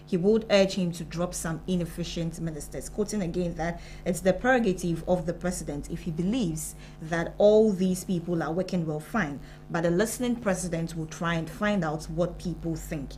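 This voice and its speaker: Low-voiced Ghanaian woman reading news. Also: slight background noise, rough recording. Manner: steady news-reading delivery with brief backchannels. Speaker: morning show co-host reading news. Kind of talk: news reading and studio chat. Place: broadcast studio.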